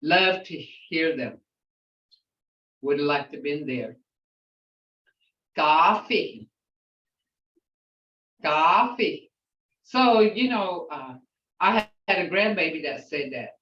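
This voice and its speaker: An older woman, a language teacher, slowly repeating words so her class can hear how they are pronounced, and talking in an outspoken way. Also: deep voice, expressive, a bit bright. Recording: roomy, distant, dull lo-fi sound.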